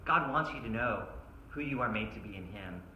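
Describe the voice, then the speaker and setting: A man's voice: lowish voice, lively intonation, fairly quick, pushed and bright, highs cut off, slight background noise. A man preaching a sermon at a church service, emphatic and asking his listeners one rhetorical question after another. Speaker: pastor. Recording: roomy echo.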